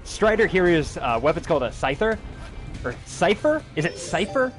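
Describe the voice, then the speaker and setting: A young man streaming a video game, joking excitedly and swearing as he plays, laughing at his own jokes. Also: high-pitched, moderate pace. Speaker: gaming livestreamer. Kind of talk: casual let's-play commentary. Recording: game music playing behind the voice.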